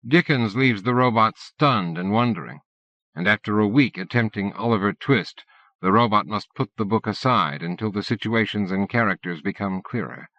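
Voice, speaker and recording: Low-voiced male audiobook narrator. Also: moderate pace, dry recording. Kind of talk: scripted narration. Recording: dull dry cassette-era audiobook recording.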